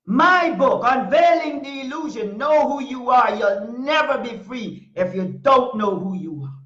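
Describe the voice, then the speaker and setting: A middle-aged woman hosting a talk show delivers an impassioned preaching monologue, fiery and declarative, repeating phrases for emphasis. Her voice is fairly high, expressive, unhurried, and fairly bright, recorded in an echoey room with dull lo-fi sound.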